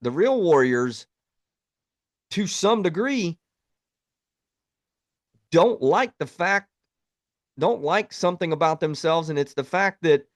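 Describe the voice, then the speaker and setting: A man's voice: on the high side, dry recording. A plainspoken man, an Army veteran, talking bluntly in a reflective podcast monologue.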